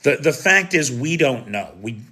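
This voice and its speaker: An American man delivers live news commentary, talking it through in a casual, opinionated way. His voice is bright and forward, and he keeps checking in with rhetorical questions. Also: mid-range voice, lively intonation, moderate pace. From United States. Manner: conversational, opinionated, frequent rhetorical "right?".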